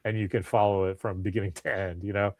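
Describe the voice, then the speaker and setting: This man hosts a podcast and talks fast, his voice sitting on the low side with no room sound. Chatting casually, he spins lively stories and performs the quoted lines himself.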